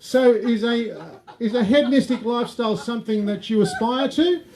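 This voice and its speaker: A prim male TV interviewer, played by a man questions his guest in stiff, mock-formal phrases in a live comedy sketch. His voice sits high for a man. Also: brisk, warm tone, a little hiss or hum.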